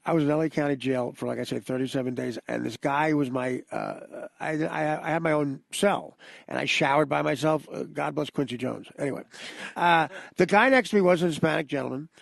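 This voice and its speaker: Male co-host, gravelly high voice, rambling profane joker, dry close sound. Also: a little fast, no echo. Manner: rambling, joking, profane anecdotes. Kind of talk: casual chat.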